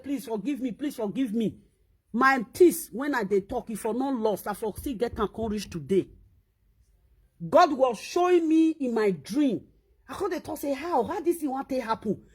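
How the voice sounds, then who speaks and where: A Nigerian woman with a high voice delivers a casual monologue. She scolds and repeats herself, and her voice jumps up sharply whenever she stresses a point. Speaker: social media commentator.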